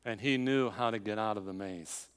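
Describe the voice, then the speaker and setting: A man's voice: on the low side, moderate pace, clean tone, big-room sound. An older man preaching a sermon, telling a personal story with quoted dialogue and building to emphatic climaxes.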